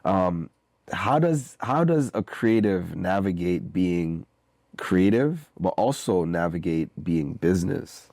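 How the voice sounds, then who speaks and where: Male podcast host, low gravelly voice, laid-back, dry close mic. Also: animated, takes it slowly, darkish tone, no room sound. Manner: laid-back, lots of "mm-hmm" and "bro". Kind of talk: casual interview.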